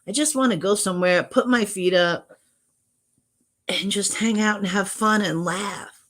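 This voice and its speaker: A woman's voice: mid-range voice, a little slow, a bit bright. A middle-aged woman chatting casually on her livestream, greeting viewers from chat and talking with frequent restarts. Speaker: livestream host. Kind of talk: casual live-stream chat.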